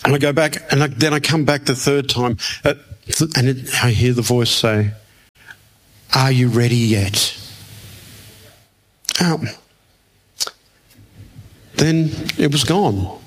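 A man's voice: medium pitch, a little slow, pauses often. A man preaching a sermon to a room, telling a personal story and acting out the other people's lines. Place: church hall with audience.

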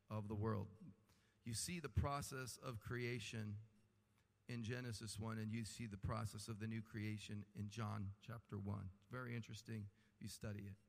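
A man's voice: fairly low pitch, gravelly. A man preaching a sermon with impassioned delivery and humorous asides, rising and falling in intensity. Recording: long hall reverb.

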